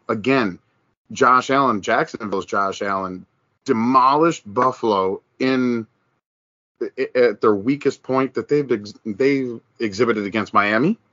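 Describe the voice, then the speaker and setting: A man co-hosts a casual podcast and talks about football in a loose, animated way. He trips over himself with restarts and slips into mocking voices when he quotes fans. The sound is a little dull and lo-fi. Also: mid-range voice, no echo. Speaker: podcast co-host. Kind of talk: casual sports chat.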